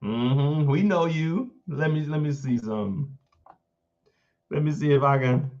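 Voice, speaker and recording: A man's voice: fairly high pitch, unhurried, a little mellow, lo-fi sound. A man from the Midwest hosting a casual live stream. He jokes, swears freely and often breaks into laughter. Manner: joking, profane, breaks into laughter.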